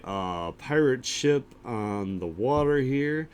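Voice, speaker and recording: A man's voice: on the low side, unhurried. A man hosting a live art share stream, chatting casually in a rambling way with lots of fillers and chuckles. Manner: laid-back and rambling, with many fillers and chuckles.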